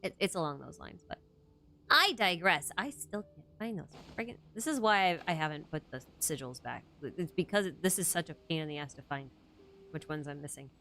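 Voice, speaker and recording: A woman's voice: low voice, expressive, a little fast, bright, forceful tone, a little hiss or hum. A young adult woman hosting a casual chat, rambling and interrupting herself, often laughing mid-sentence. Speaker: host.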